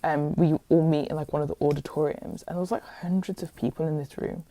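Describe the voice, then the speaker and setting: A British woman telling stories as a guest in a casual interview, lively and chatty, with lots of "like". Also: deep voice, quick pace, dry recording. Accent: British English. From England. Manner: lively, chatty, heavy use of "like". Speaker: guest musician.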